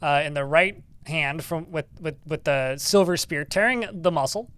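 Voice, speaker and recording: A man's voice: a little high, moderate pace, a bit bright, clean tone. A man streaming a video game live, commenting on the action with dry, sarcastic asides and reading the game's text aloud.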